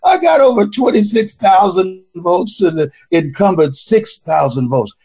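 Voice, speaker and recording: A man giving a motivational speech, telling stories with a preacher-like cadence and repeating words when excited. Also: high-pitched, unhurried, breathy edge, raised voice. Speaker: motivational speaker.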